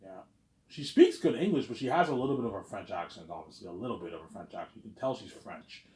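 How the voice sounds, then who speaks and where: A man's voice: on the low side, lively intonation, fast talker, a little mellow, reverberant. A man talking in a casual, rambling monologue, repeating himself and tagging lines with "obviously". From lives in Quebec, Canada. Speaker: vlogger.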